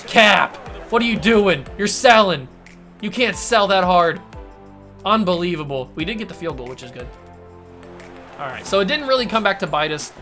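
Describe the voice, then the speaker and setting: Dude yelling through his football game commentary, hype and loose, music going under it. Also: on the high side. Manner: excitable, bursts into shouting on big plays. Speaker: gaming YouTuber. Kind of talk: let's play commentary.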